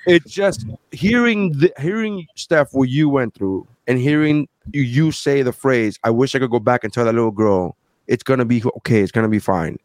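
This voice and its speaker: A man's voice: medium pitch, moderate pace, no echo, studio quality. A man telling a personal story in casual chat and acting out the people he quotes. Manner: animated, acts out quoted people.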